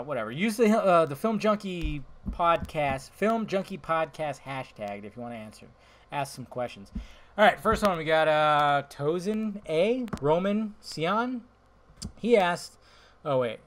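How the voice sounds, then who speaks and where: A man hosting a casual solo podcast, talking bluntly and excitably, swearing freely and swinging between loud outbursts and mumbled asides. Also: fairly high pitch. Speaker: podcast host.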